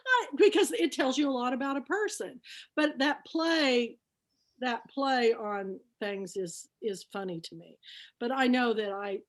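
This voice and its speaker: A middle-aged woman hosting an online book club, telling anecdotes in an animated way and laughing often. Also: on the high side, takes it slowly, long pauses. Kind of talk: casual storytelling on an online show.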